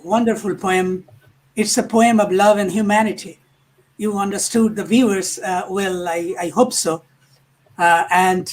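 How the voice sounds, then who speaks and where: A host slowly reading translated love poems aloud on a live stream, pausing between phrases and restarting words. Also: mid-range voice, poor audio. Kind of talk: slow poetry reading with commentary.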